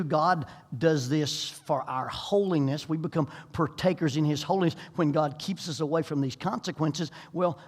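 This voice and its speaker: A man's voice: on the high side, a little mellow, slightly rough. A middle-aged man preaching a sermon in a folksy, humorous storytelling manner. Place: church sanctuary. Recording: echoey church hall.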